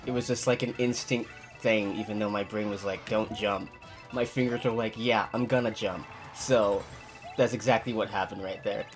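A man hosting a gaming channel, giving excitable let's play commentary and talking to himself as he plays. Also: lowish voice, moderate pace, faint music behind. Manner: excitable, talks to himself while playing.

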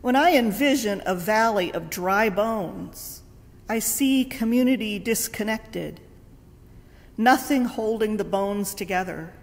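A woman's voice: medium pitch, slow. A woman priest giving a sermon with wry, self-mocking humor, recorded in a church. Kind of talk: sermon with a comic story reading. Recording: long church reverb.

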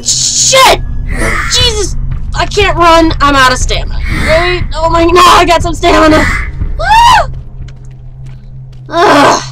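A woman's voice: very high voice, steady tone, normal speed, hardly any pauses, raised voice, over loud music, poor audio. A young woman playing a horror game on her channel, panicking, swearing and shrieking at what chases her. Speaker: gaming YouTuber. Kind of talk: horror game let's play commentary.

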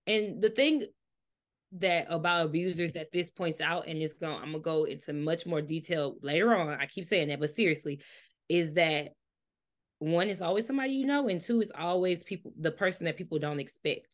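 A woman talks through a novel with a friend in a relaxed, chatty way. She retells scenes in a lively voice, then slows down to reason about the characters. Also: on the low side. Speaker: book discussion host. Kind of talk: casual book chat.

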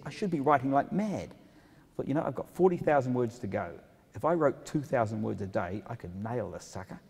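A man's voice: lowish voice, darkish tone, slightly rough. Wry man telling stories in a hall. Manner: wry, self-mocking storytelling with asides to the audience. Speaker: author giving a library talk. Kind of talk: humorous public talk to an audience. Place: talk room with an audience. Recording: long hall reverb.

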